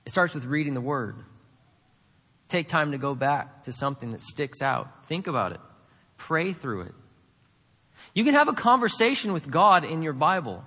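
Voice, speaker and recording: A man's voice: on the high side, big pitch swings, a little slow, pauses often, pushed and bright, long reverb tail. A man preaching a sermon, emphatic, with many rhetorical questions to the congregation. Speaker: pastor.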